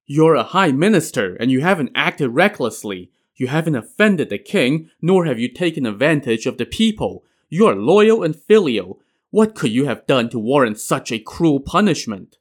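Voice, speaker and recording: Man doing a distraught loyal wife, pleading, a bit higher and louder. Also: very animated, normal speed.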